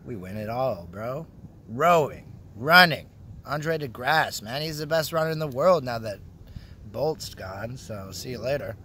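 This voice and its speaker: A man with a bright, forward voice, rambling to his phone camera in an outdoor park. He jokes, teases his viewers and swears freely, with faint traffic humming somewhere behind him. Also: medium pitch, expressive, a little slow. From Canada. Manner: joking, teasing, swears freely. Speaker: vlogger. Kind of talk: casual rambling monologue to camera.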